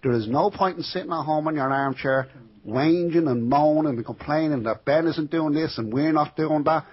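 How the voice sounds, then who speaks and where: A man's voice: on the high side, moderate pace, husky, lo-fi sound. A man speaking as a guest, urging listeners in an impassioned, repetitive appeal. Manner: exhorting, urgent, repetitive. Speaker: caller or guest.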